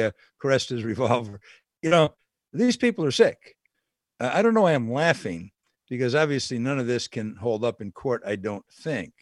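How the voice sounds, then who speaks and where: A man's voice: medium pitch, dry recording, clean studio sound. A man hosting a political call-in radio show, speaking with indignant disbelief and laughing at what he reports. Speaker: radio talk show host. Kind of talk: political talk radio monologue. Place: radio studio. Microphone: studio microphone.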